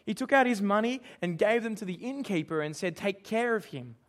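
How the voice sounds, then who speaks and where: A man's voice: sits high, animated, fairly quick. A man preaching a sermon, emphatic and asking his listeners questions. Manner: emphatic, asks the congregation questions.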